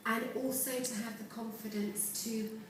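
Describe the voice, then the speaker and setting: Speaking unhurriedly in a slightly high, level tone, a woman delivers a heartfelt, reflective award speech, with moments of warm laughter. The echoey hall is captured from a distance, along with a little hiss or hum.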